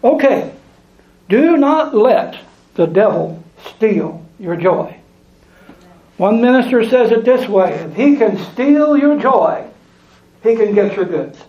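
A man's voice: high-pitched, big pitch swings, takes it slowly. A man preaching a sermon, reading scripture aloud and repeating lines for emphasis. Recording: echoey room, dull lo-fi sound.

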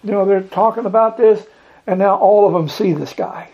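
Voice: medium pitch, moderate pace, lo-fi sound. A Bible study leader teaching in a loose, folksy way, chuckling often and acting out scripture lines in bigger voices.

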